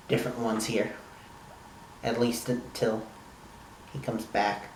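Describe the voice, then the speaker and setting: A man's voice: mid-range voice, flat delivery, takes it slowly, long pauses, echoey room, far from the mic, a little hiss or hum. A man casually recapping a TV episode for his channel, rambling and enthusiastic with lots of "like". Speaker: TV review vlogger.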